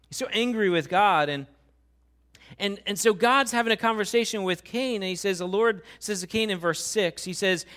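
A male pastor preaching a sermon, swinging between quiet asides and loud, urgent pleading. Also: high-pitched, animated, normal speed.

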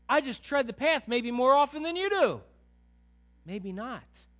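A male pastor delivers a sermon in a fairly high voice. He is animated, acts out the voices he quotes, and swings between hushed passages and loud ones. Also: unhurried.

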